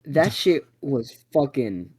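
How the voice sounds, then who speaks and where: A young man hosting a podcast, telling a story in a profane, excitable way. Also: medium pitch, slow pace, breathy edge. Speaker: podcast host.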